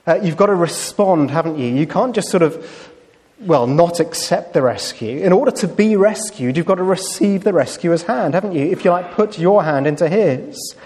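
A male preacher delivers a sermon in a relaxed, conversational way. He tosses rhetorical questions to his listeners and pauses on fillers. His slightly high voice rings out with a long reverb. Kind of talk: sermon with storytelling.

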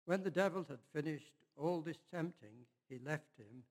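Man, bible reading, measured and slow, slightly high voice, long hall reverb. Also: a little mellow. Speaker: scripture reader.

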